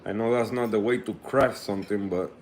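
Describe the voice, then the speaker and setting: A young man with a low voice talks loosely in a home vlog. He rambles and restarts his sentences as he walks through his aquarium setup, with a faint hiss of room noise behind him. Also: fairly even intonation, fairly quick. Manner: rambling, restarts often, talks while eating. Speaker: reef tank hobbyist vlogger. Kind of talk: casual vlog talk.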